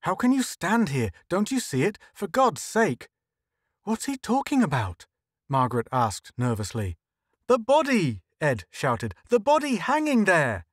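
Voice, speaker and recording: A man's voice: on the high side, big pitch swings, unhurried, husky, no room sound, clean studio sound, heavily acted. A man voicing a frantic, pleading shopkeeper. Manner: pleading, rising to desperate shouts. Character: frantic middle-aged male shopkeeper.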